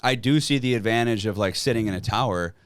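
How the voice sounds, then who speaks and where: A man's voice: fairly low pitch, quick pace, clean tone, no echo, clean studio sound. A man talking as a podcast guest, telling hunting stories in a loose, profane way with lots of fillers. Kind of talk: casual chat.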